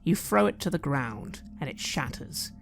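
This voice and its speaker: Measured tabletop game master narrating. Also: medium pitch, animated, vocal fry, over music.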